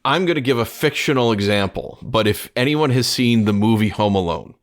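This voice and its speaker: A middle-aged man co-hosting a discussion podcast, telling stories in an animated way with restarts. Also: medium pitch, a little fast. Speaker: podcast co-host. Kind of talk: casual discussion.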